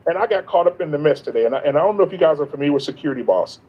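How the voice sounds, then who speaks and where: Racing along in a fairly high voice with lively intonation, a content creator speaks as a livestream guest, the audio sounding dull. His casual talk is earnest and emphatic, and he often restarts his sentences.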